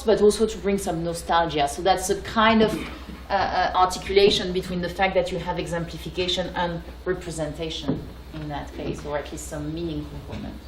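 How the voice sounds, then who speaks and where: A woman from France with a French accent, giving an academic lecture and pausing often with fillers and restarts. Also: on the low side, roomy sound, a little hiss or hum, poor audio. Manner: hesitant, many fillers and restarts.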